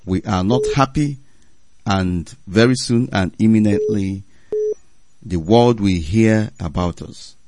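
A man's voice: lowish voice, slow, noisy background. A man hosting a radio call-in show, firm and insistent, repeating his prompts to callers.

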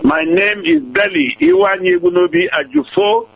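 A male caller, speaking in a measured, hesitant way. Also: extremely high pitch, vocal fry, a crowd in the background. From Nigeria. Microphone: phone line. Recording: tinny phone line.

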